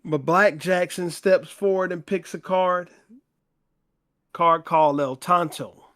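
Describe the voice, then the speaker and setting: A man with a slightly higher voice takes his time walking listeners through a novel's chapters. He reads the dialogue plainly, without doing voices, and keeps an unhurried, conversational pace. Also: a bit bright. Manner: slow, conversational retelling with quoted dialogue read in plain voice. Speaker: book club podcast host. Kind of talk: reading and retelling a novel in casual chat.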